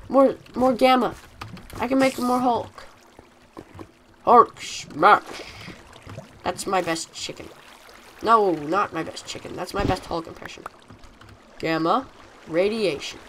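Slow-talking woman chatting over a game. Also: medium pitch, slight background noise. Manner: chatty, scolds the game and mobs, excitable outbursts. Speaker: gamer. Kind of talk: let's play commentary.

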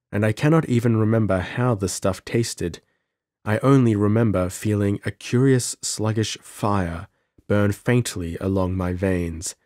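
A man reading an audiobook as narrator in a measured, steady scripted narration, recorded on a close mic. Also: lowish voice, dry recording.

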